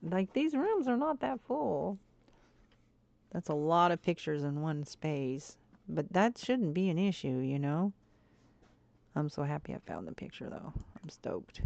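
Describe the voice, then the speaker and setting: A woman streaming a game and chatting to viewers, swinging between frustrated muttering and excited squeals. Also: deep voice, measured pace, gravelly, no room sound. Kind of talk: casual gameplay chat. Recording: dull lo-fi stream audio.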